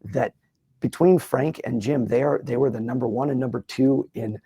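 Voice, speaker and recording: Man, middle-aged, gravelly, husky, dry close sound, lively voice-actor chat. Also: mid-range voice, normal speed, no room sound. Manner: lively, slips into character voices mid-sentence. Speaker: voice actor guest. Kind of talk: animated interview talk with quick voice impressions. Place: Los Angeles, doing press.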